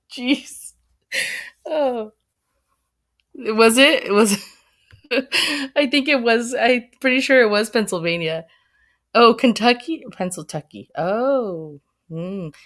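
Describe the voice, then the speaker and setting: Chatty woman livestreaming, mid-pitched. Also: a bit bright. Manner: rambling, chatty, talks to viewers as friends. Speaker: livestream host. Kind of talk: casual live commentary reading chat.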